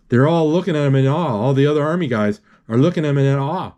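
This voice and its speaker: In an unscripted, faltering retelling of a film, a man goes scene by scene, restarting repeatedly and imitating sound effects aloud. He has a mellow, mid-range voice.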